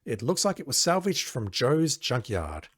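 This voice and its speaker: A man's voice: mid-range voice, very animated, moderate pace, breathy edge, no echo, clean studio sound. Wry man playing an old game. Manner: wry, sarcastic asides. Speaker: let's play gamer. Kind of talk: casual game commentary, reading game text aloud.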